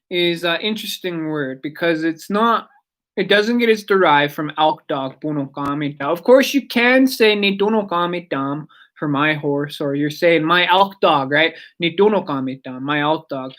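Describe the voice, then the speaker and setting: Woman radio language teacher, slightly low voice, unhurried, repeats each word carefully. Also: expressive, fairly bright tone. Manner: chatty, digressive, repeats words slowly for learners. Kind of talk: casual spoken language lesson.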